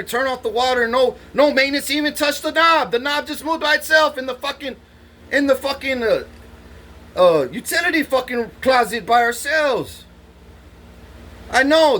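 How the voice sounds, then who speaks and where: This vlogger has a very high-pitched, sharp voice. He tells rambling stories boastfully, swearing constantly and laughing between lines.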